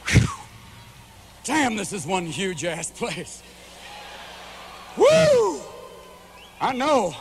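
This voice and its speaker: A man's voice: high voice, huge pitch swings, slight background noise. Manic man in his forties doing stand-up. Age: 40s. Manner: manic, rapid-fire, constantly switching voices. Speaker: stand-up comedian. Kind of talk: live stand-up comedy. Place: large live venue.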